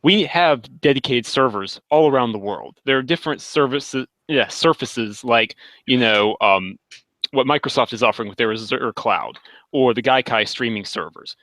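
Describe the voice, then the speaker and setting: A man with a bright, forceful voice vents his frustrations emphatically in a casual podcast chat. The sound is dry and close. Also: medium pitch, moderate pace, no room sound. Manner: exasperated ranting, emphatic. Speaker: podcast panelist.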